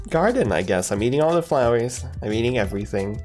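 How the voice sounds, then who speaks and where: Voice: medium pitch, animated, quick pace, a little mellow, faint music behind. A streamer chatting casually through a cute video game, giggling often and thanking viewers. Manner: giggly, chatty, reads chat aloud. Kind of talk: casual let's-play commentary.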